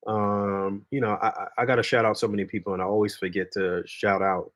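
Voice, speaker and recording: A man hosting a podcast, chatting in a relaxed, laid-back way, swearing freely and trailing off with fillers. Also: fairly low pitch, fairly quick, a little hiss or hum. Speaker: podcast host. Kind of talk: casual chat.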